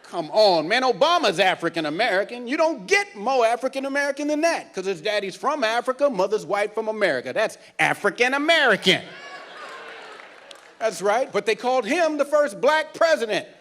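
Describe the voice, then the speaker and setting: A man working as a cruise director, doing stand-up comedy on a ship's stage and teasing the crowd loudly. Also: high voice, big pitch swings, moderate pace. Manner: loud, teasing crowd banter. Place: cruise ship theater.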